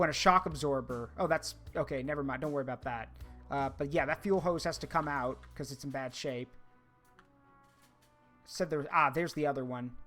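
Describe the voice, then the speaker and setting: A man's voice: fairly high pitch, a bit bright. Chatty male streamer over game music. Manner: chatty, talks to chat while working, hums tunes. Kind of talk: casual gameplay commentary.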